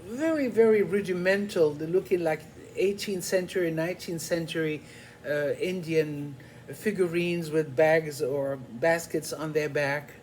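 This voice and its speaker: An older man telling a personal story in an unhurried, reflective way, pausing often with small fillers. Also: on the high side, darkish tone, a little hiss or hum.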